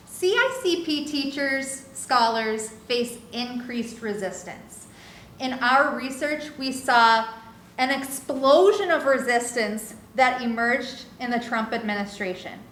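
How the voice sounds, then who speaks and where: A woman's voice: fairly high pitch, fairly bright tone. A woman presenting research findings in an academic lecture, earnestly reading participants' quotes aloud. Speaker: guest speaker presenting research. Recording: echoey room with faint background noise.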